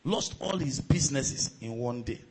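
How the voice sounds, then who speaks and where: A man preaching a sermon as pastor. His delivery swings between loud, shouted surges and quieter storytelling. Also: mid-range voice, expressive, moderate pace, slightly rough, low-quality recording.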